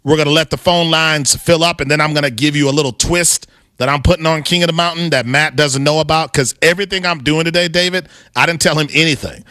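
A man's voice: a little high, steady tone, fast, pushed and bright, no room sound, clean studio sound. A man hosting a sports talk radio show, chatting casually with a co-host, often restarting his sentences. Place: radio studio. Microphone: studio microphone.

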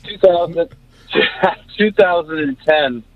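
A man calling in to a sports radio show, eager and a little halting. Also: high voice. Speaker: caller. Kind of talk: call-in talk. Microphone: phone. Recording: dull phone-line sound.

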